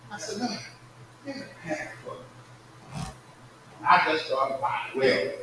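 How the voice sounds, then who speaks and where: A man preaching a sermon in a church, calling out to the congregation and swinging from soft murmurs to loud shouts. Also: on the high side, big pitch swings, measured pace, a little hiss or hum. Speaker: pastor. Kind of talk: call-and-response sermon. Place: church sanctuary. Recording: echoey distant church livestream recording.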